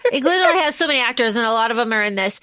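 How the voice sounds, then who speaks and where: Lively woman co-host, raised voice. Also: a little high, very fast. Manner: animated, acts out scenes in quoted voices, swears casually. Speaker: podcast co-host. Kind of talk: casual movie recap chat.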